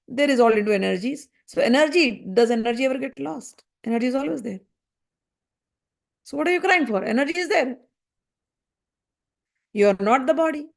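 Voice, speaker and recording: Woman with a pretty high voice teaching scripture, keeps firing questions at you. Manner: pressing rhetorical questions, repeating phrases for emphasis. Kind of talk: spoken commentary on a spiritual text.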